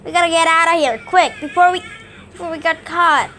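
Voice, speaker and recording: A woman voicing a small candle-ghost creature, talking in an urgent, hurried way. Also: extremely high pitch, fairly even intonation, bright, forceful tone, a little hiss or hum. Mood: panicked.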